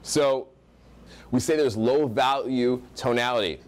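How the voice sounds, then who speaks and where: A man's voice: medium pitch, measured pace. A young American man leads a live seminar on social skills, speaking in a mid-range voice that carries across the room. He talks with energy and makes his points by acting out how other people sound. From United States. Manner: energetic, projecting, acts out example voices.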